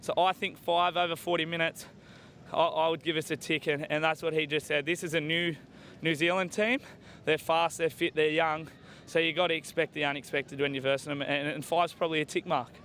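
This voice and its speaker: A man, a team captain, relaxed and friendly in a post-match interview outdoors. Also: fairly quick. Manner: relaxed, friendly, says mate often. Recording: outdoors with faint rumble.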